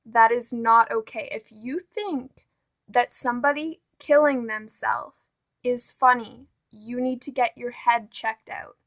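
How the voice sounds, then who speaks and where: A woman's voice: fairly high pitch, steady tone, slow pace, a bit bright. A teenage girl vlogging a casual, exasperated rant, full of "like" and "honestly". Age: teens.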